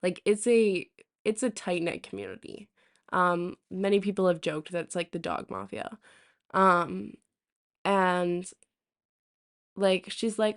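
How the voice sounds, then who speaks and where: A woman's voice: lowish voice, unhurried. Chatty young woman streamer. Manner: chatty, many fillers and restarts. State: hiccups. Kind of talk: casual storytelling to chat.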